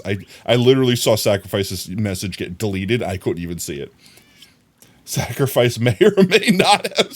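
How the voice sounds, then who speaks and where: A man streaming a video game, rambling to himself and his chat with frequent laughter. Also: mid-range voice. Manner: rambling, self-talking, laughs often; chatting to viewers. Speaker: livestreamer. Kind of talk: casual gameplay commentary.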